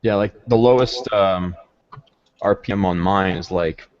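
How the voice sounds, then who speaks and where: A man's voice: lowish voice, a little slow. A man chatting on a live stream, making dry, understated remarks. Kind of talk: casual live-stream chat. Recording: dull lo-fi stream audio.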